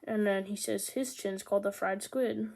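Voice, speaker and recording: A woman recapping a manga volume in casual chat, sarcastic and quick to throw in little impressions of the characters. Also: mid-range voice, fairly even intonation, creaky, a little mellow. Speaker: manga reviewer.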